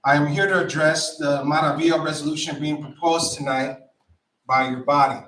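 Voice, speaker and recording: A man's voice: on the high side, steady tone, normal speed, fairly bright tone. A man from San Francisco giving a firm, formal, prepared public comment at a meeting. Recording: echoey meeting room from far off.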